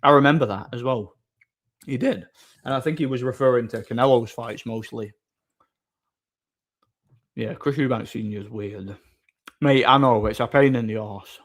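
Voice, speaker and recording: Streamer, middle-pitched voice, loose rambling chat replies. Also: male voice, moderate pace, long pauses. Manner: rambling, answers chat comments aloud. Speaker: live streamer. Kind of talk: casual live-stream chat.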